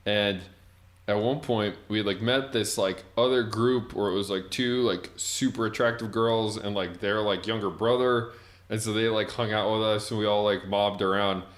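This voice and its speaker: A man's voice: fairly low pitch, fairly even intonation, moderate pace. A young man in his twenties telling a long, rambling story in casual chat, full of "like". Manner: rambling storyteller, heavy filler "like". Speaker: podcast co-host.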